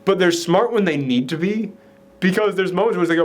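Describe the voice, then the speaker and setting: A man hosting a casual movie review chat, retelling the plot in an animated way with lots of "like" fillers. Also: high-pitched, fairly quick. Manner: animated storytelling, frequent "like" fillers. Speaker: podcast host.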